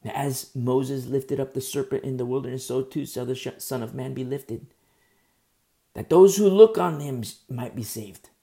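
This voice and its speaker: A man reads and comments on scripture in an earnest, meandering sermon, tripping over difficult names. His voice is rough and gravelly, and his throat is sore, so he pauses often to sip tea. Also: medium pitch, dark tone. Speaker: pastor. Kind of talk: verse-by-verse Bible teaching.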